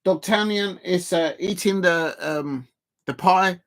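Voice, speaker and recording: A man streams a football match from home and talks his viewers through it between bites of food. His speech meanders, full of fillers and half-finished restarts, in a voice pitched slightly high for a man. The tone stays loose and unscripted throughout. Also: takes it slowly, a bit bright. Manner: rambling, many fillers and restarts; chats to viewers while eating. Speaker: football watch-along streamer. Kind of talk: casual live-stream chat.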